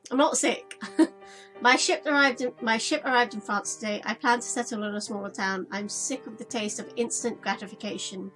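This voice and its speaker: A woman's voice: a little high, a bit bright, rough recording. A woman playing through a visual novel, reading the narration and journal entries aloud dramatically and breaking off for casual chat. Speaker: let's play gamer.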